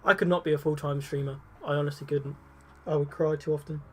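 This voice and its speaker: A young man chats through a live game stream, sounding casual and excitable and swearing freely. His voice sits a little high for a man, and faint game music plays behind him. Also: quick pace, slightly rough.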